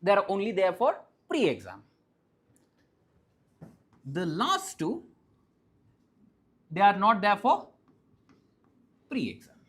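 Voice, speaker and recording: A teacher with an Indian English accent giving a live classroom lecture, often asking the class questions and checking that they follow, and repeating key points slowly and firmly. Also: mid-range voice, huge pitch swings, fairly bright tone, slightly rough. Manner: keeps quizzing the class and checking understanding. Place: classroom with students present.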